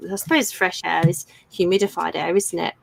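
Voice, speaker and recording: Chatty mum on a live stream. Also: female voice, fairly low pitch, fairly even intonation, fairly quick, creaky, low-quality recording. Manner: chatty, reads out viewer comments. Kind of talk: casual live stream chat.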